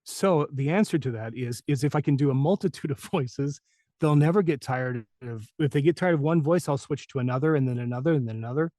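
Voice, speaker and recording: A man's voice: medium pitch, brisk, warm tone, dry recording. Voice actor guy rambling thru old stories, laughs a lot, dry close sound. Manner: rambling, anecdotal, laughs often. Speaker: voice actor guest. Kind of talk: casual interview chat.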